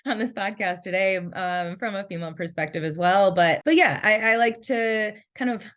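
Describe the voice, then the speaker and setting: A woman's voice: mid-range voice, normal speed. Thoughtful woman guest, casual podcast chat. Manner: thoughtful, with frequent ums and soft laughs. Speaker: guest, brand storyteller and creative director.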